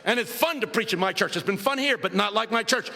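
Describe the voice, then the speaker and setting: A man from Philadelphia preaching a humorous storytelling sermon with animated comic delivery that builds into shouted preaching, in a large hall. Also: high-pitched, fast, vocal fry. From United States, Philadelphia. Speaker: preacher and guest speaker. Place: large hall with a live audience. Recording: reverberant hall, faint ambience.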